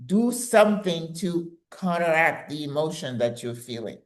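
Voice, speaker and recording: A woman's voice: sits low, expressive, moderate pace. An older woman hosting her channel, giving direct, emphatic, motivational advice.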